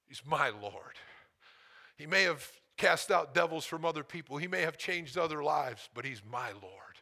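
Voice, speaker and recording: A middle-aged male preacher giving a sermon, swinging from loud calls to hushed whispers and asking the congregation questions. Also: a little high, animated, moderate pace, creaky. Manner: asks the congregation "how many know".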